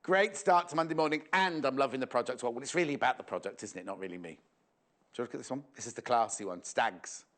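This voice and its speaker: A man's voice: medium pitch, fast talker, a bit bright. A man presenting a live shopping show in a playful, jokey, chatty way, reading out viewer messages.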